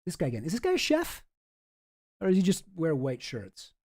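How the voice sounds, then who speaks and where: Sarcastic guy, lively delivery. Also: on the high side, brisk, husky. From Canada. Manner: sarcastic, rambling, swears freely. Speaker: online commentator. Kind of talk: casual commentary on photos.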